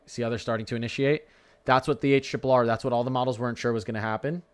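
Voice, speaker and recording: A man's voice: mid-range voice, steady tone, racing, clear, resonant tone. A young man hosting a live weather stream, talking through radar warnings in a chatty, rambling way and stumbling over place names.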